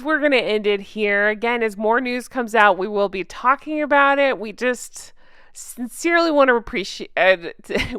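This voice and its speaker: A Southern woman chats casually as host of her channel, thanking viewers warmly and effusively. Her voice sits a little high and sounds smooth and clear. The recording is dry and close. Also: no room sound. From American South. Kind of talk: casual chat.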